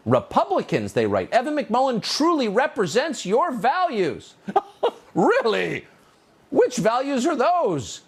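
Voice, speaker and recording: A political commentator with a mid-range, breathy-edged voice delivers a scripted monologue. His manner is sarcastic, mocking, and emphatic.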